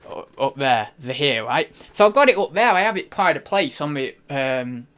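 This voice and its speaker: A man's voice: fairly high pitch, big pitch swings, normal speed, fairly bright tone, smooth. A young man chatting casually on a live stream, rambling and cutting himself off mid-sentence as he jokes. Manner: rambling, self-interrupting, jokey. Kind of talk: casual livestream chat. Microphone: desk microphone.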